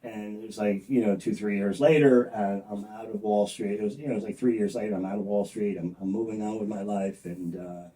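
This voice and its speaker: A man's voice: on the low side, fairly even intonation, fairly quick, hardly any pauses, warm tone, far from the mic, low-quality recording. A man telling his career story in a casual interview, rambling with many fillers and restarts, blunt and salesy. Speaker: interview guest.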